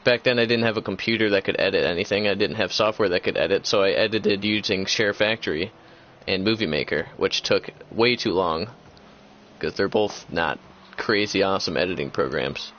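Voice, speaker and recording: A man's voice: low voice, brisk, slight background noise. A young man hosting a gaming channel, chatting casually and rambling with lots of fillers and restarts. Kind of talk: casual chat. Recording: dull lo-fi sound.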